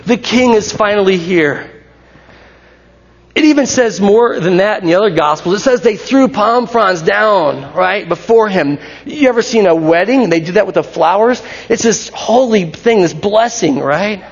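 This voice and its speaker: A man preaching a sermon in a lively, conversational way, to his congregation in a church. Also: high voice, moderate pace, few pauses, husky. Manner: animated, conversational, acts out crowd shouts. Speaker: pastor. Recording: dull recording with long hall reverb.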